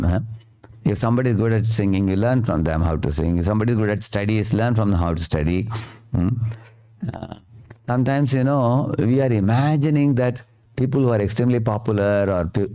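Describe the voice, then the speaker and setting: A man's voice: on the low side, warm tone. A man with an Indian accent giving a sermon-style talk, often adding "huh?" to check the listeners follow. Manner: frequent tag questions like "huh?".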